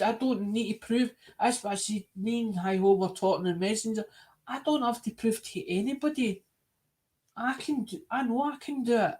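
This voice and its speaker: A Scottish man hosting a live stream, chatting casually in an earnest, rambling way and often repeating himself. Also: high voice.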